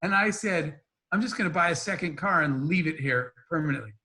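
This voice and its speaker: Man, raised voice, entrepreneur guest; spins animated anecdotes, acts out dialogue. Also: fairly high pitch, brisk. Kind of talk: storytelling interview talk.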